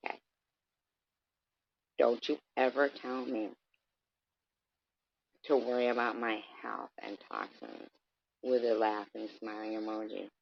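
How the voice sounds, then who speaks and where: A woman's voice: rumbling low, vocal fry, breathy edge, dry recording, lo-fi sound. A woman delivering a confrontational, profane rant straight at someone on her livestream, sometimes mocking them. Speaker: vlogger.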